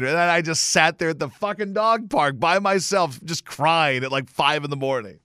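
A male radio host telling a casual story with lots of swearing and sudden loud exclamations. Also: on the high side, moderate pace, hardly any pauses, clear, resonant tone, dry recording, clean studio sound. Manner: animated, profane, bursts into loud exclamations. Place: radio station studio.

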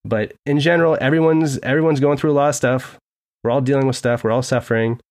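A man's voice: medium pitch, fast talker. Rambling young man, joking podcast co-host. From Seattle area. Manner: rambling, joking, animated storytelling. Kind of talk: casual podcast chat.

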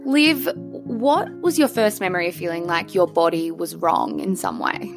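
A woman interviewer asking gentle, careful questions. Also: lowish voice, sing-song, normal speed, creaky, over music.

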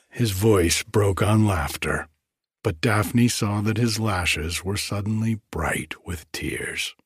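A man narrating an audiobook in a slow, hushed, intimate, breathy voice. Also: on the low side, dry recording, clean studio sound. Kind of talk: audiobook reading.

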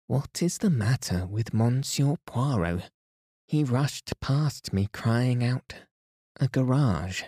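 A man voicing a puzzled young woman in a bedtime storybook reading, lifting his voice higher. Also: animated, slow, mellow, slightly rough, no room sound, clean studio sound.

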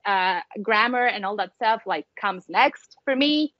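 A woman's voice: medium pitch, lively intonation, a little slow, no echo, muffled recording. A Spanish-speaking woman from Mexico, a mother, chatting as an interview guest with a light Mexican accent, many fillers and restarts. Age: adult with children. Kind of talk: casual interview chat.

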